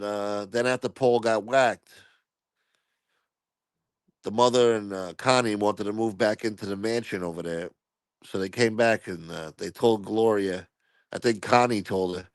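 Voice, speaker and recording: A man's voice: on the low side, measured pace, smooth, no room sound. A man hosting a channel, telling stories in a laid-back, rambling, crude way. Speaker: channel host. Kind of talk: casual storytelling commentary.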